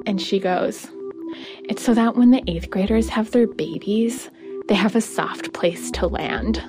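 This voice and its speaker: A woman's voice: medium pitch, unhurried, music in the background. Woman producer telling a childhood story. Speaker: podcast producer.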